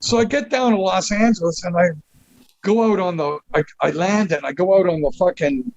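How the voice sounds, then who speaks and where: A man with a high voice and a gravelly edge, spinning a long, swear-laden story as a guest on a podcast. He tells it in an animated, conversational way. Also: moderate pace, highs cut off. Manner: profane, animated anecdote telling.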